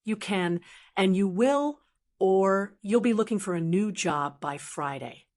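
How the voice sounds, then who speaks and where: A woman's voice: mid-range voice, animated, unhurried, a little mellow, close to an everyday voice. Woman voicing a stern corporate boss lady, clipped, cold, threatening, storybook reading.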